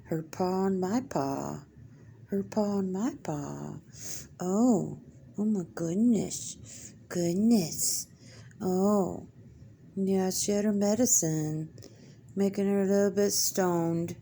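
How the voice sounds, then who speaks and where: A woman's voice: medium pitch, slow, creaky, dark tone, slight background noise. A woman talking baby talk to her pet cat at home, cooing in a sing-song way. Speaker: cat owner.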